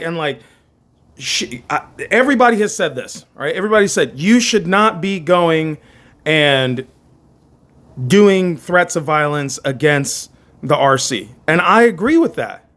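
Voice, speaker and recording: A man hosting his own commentary channel, delivering an impassioned rant with frequent stammered restarts and repeated phrases. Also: high voice.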